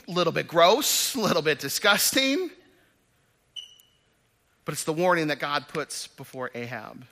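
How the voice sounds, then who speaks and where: A man in his thirties preaching a sermon in church, moving from loud emphatic bursts to quiet asides. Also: high-pitched. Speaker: pastor.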